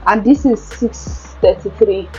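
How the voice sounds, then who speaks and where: A woman's voice: mid-range voice, unhurried, dark tone, lo-fi sound, soft background music. A young woman, chatting casually and giggly in a home vlog. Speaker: vlogger.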